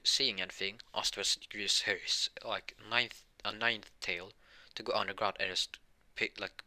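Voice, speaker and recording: A man improvising a fan-fiction story out loud, rambling and halting with many restarts and self-corrections. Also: lowish voice.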